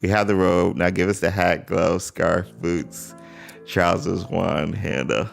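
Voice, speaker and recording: A man's voice: sits low, fairly even intonation, slow pace, gravelly, faint music behind. A young man hosting a casual livestream, greeting chat viewers and pleading with exasperated sighs and laughs. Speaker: livestream host. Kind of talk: casual live-stream chat.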